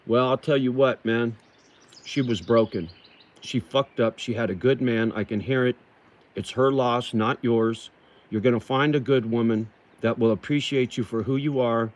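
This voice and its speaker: A middle-aged man at a mid pitch, chatting casually on a livestream. He reads viewer comments out slowly and answers them plainly. His talk is rough, with frequent swearing, and he calls his viewers brother. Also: darkish tone. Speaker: livestream host reading chat.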